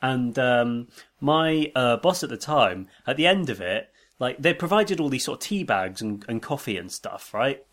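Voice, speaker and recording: A man's voice: mid-range voice, animated, moderate pace, fairly bright tone. A man co-hosting a podcast, telling stories in a chatty way and often checking in with "right?". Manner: chatty, tags lines with "right?". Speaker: podcast co-host. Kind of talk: casual chat, storytelling.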